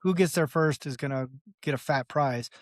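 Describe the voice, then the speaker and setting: A man's voice: on the high side, moderate pace, dry recording, studio quality. A man talking as a podcast guest in a loose, rambling way, often saying "like" and "right?" and acting out quoted dialogue. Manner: animated, acts out quoted dialogue in other voices. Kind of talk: casual conversational interview.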